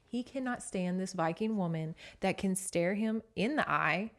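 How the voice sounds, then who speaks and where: A woman hosting a podcast, recapping a book in a casual, chatty manner. She swears freely and reacts with animated asides. Her voice sits at an ordinary middle pitch. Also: a little slow. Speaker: podcast host.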